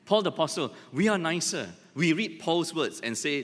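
A man's voice: a little high, lively intonation, moderate pace, a bit bright, big-room sound. A male pastor preaching a sermon, driving points home with repetition and dropping in jokes. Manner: emphatic, repeats points, joking asides.

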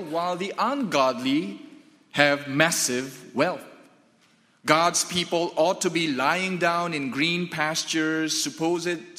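A man preaching a sermon, deliberate and emphatic, asking rhetorical questions and answering them. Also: a little high, sharp tone, big-room sound.

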